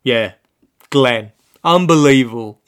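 A man's voice: mid-range voice, slow, close to an everyday voice. A man voicing a pair of shifty, evasive talking underpants claiming to be a Viking ghost, forever saying yeah. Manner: evasive, blustering, says yeah a lot.

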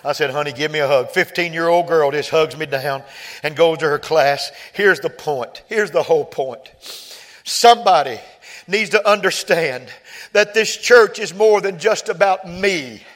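A pastor preaching a sermon, telling personal stories quietly and then rising to shouted climaxes. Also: male voice, fairly high pitch, normal speed. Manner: swings from soft storytelling to loud shouted peaks.

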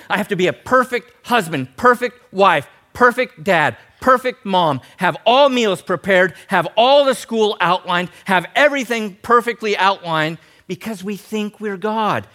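High-voiced animated man preaching. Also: normal speed, hardly any pauses. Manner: animated, jokey, talks straight to the congregation. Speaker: pastor. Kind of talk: sermon.

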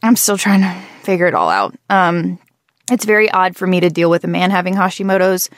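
A woman's voice: fairly low pitch, animated, brisk, dry recording, clean studio sound. Groggy-voiced woman chatting casually. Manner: chatty, rambling with frequent restarts and self-corrections. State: groggy morning voice. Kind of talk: casual conversational chat.

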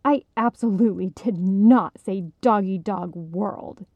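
A woman's voice: on the high side, lively intonation, unhurried, vocal fry, no echo, lo-fi sound, pitched above the performer's own voice, full character voice. A woman voicing a stubborn, defensive young woman who snaps and scoffs.

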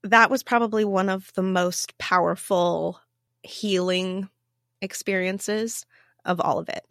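A woman's voice: medium pitch, steady tone, slow, creaky, fairly bright tone, dry recording, studio quality. A woman guest on a podcast interview, speaking in a reflective, heartfelt way.

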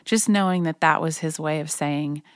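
A woman recounts a personal memory in a low, soft voice. Her delivery is quiet and reverent, unhurried and reflective. The recording is dry and close, with no room around it. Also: clear, resonant tone, no echo. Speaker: narrator reading her own memoir. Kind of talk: personal storytelling narration.

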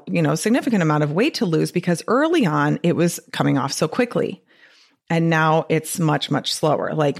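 A woman from the Midwest with a Wisconsin accent, hosting a podcast in a chatty, upbeat way and laughing often. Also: sits low. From American Midwest. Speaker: podcast host. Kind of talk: casual solo podcast talk.

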